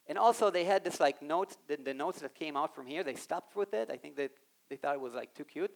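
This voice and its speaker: Man, conference speaker, somewhat high pitch, animated, addresses audience, live stage talk. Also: fairly quick, vocal fry. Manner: acts out quoted voices in his talk.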